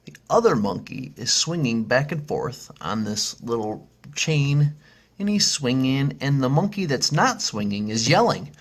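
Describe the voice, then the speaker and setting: A man's voice: mid-range voice, sing-song, unhurried. A man hosting a casual vlog, talking in a rambling, upbeat way with lots of fillers and restarts, and telling a funny story. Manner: acts out screeching monkey sounds when telling a story. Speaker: vlog host.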